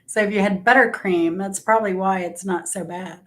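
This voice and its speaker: A woman's voice: medium pitch, fairly even intonation, fairly quick, a bit bright. A woman hosting a casual livestream, chatting and rambling to viewers and greeting them by name.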